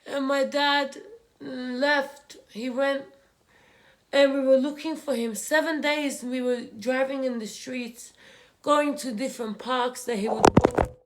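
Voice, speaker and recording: Tearful young woman, halting. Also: high-pitched, fairly even intonation. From Australia. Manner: tearful, halting, repeats herself. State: crying. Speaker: vlogger. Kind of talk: emotional personal story while doing makeup. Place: home room, indoors.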